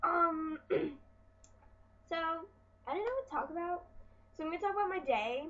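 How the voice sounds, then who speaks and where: A woman's voice: extremely high pitch, animated, moderate pace, fairly bright tone, highs cut off. A teenage girl vlogging at home, chatty and exasperated as she retells her school day. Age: teens. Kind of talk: casual storytelling vlog.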